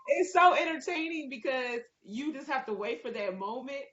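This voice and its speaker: A woman taking part in an online class, telling a story in an animated, laughing way. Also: high voice, normal speed, a crowd in the background. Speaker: class participant. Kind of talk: casual chat. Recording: lo-fi call with background noise.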